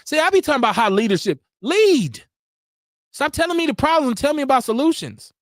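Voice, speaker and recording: A man's voice: very high-pitched, big pitch swings, a little fast, a bit bright, dry recording, clean studio sound. A man hosting a live online talk show, speaking bluntly and casually with lots of slang and animation. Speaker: host. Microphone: video call.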